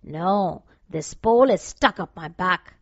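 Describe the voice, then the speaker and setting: A woman voicing a gentle, friendly male scarecrow who speaks slowly and earnestly in a storybook reading. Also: fairly low pitch, animated, no room sound, pitched below the performer's own voice, full character voice. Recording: dull dry lo-fi recording.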